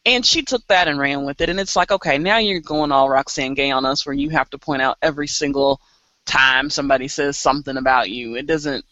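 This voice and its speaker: A woman co-hosting a casual podcast chat, talking in an animated way with laughs and exasperated asides. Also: a bass voice, fairly quick, no echo, dull audio. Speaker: podcast co-host.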